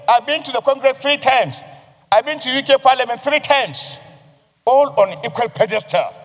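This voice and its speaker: A man with a Nigerian accent, a senator giving a forceful, declamatory floor speech with repeated phrases. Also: very high-pitched, normal speed. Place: legislative chamber. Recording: reverberant chamber audio.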